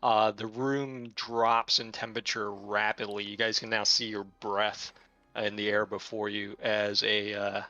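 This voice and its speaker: A man running a tabletop game, describing each scene in a bright, forceful voice. He narrates haltingly with frequent fillers, recorded close and dry with slightly dull sound. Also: lowish voice, little pitch movement, no room sound, soft background music. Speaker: game master.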